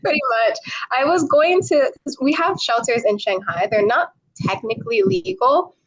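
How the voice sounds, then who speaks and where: Lively, laughing New York woman. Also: sits high, moderate pace, creaky, rough recording. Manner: laughs often, animated retelling with quoted voices. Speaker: podcast guest, travel creator. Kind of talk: casual storytelling.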